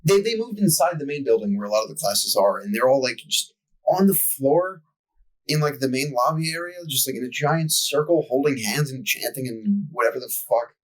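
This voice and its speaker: A young man with a husky voice, cursing freely while he rants through a story in casual podcast chat. He talks like a podcast co-host venting to a friend. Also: mid-range voice, animated, moderate pace, poor audio. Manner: profane ranting storyteller.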